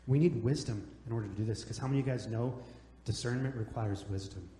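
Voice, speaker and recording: A young adult man preaching a sermon, telling jokes and stories in a relaxed, conversational way. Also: medium pitch, quick pace. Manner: joking, conversational storytelling. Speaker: pastor. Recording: echoey hall, long reverb.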